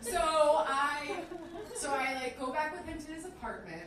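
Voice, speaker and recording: A woman's voice: sits high, very animated, moderate pace. A woman in her twenties doing stand-up storytelling, chatty and self-deprecating, full of fillers. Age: 20s. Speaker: stand-up comedian. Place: comedy club stage. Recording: echoey club from a distance with noise.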